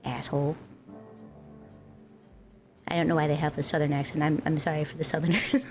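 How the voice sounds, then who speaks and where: A woman's voice: low-pitched, level tone, very fast. Giggly young woman chatting with viewers. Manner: rambling and giggly. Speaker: streamer. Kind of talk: casual chat with viewers. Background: faint music.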